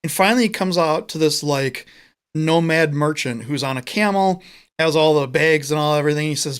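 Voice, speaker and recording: A man's voice: fairly high pitch, moderate pace, smooth. A man co-hosting a live talk show, telling a long joke in a rambling, casual way and searching for words. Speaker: podcast co-host.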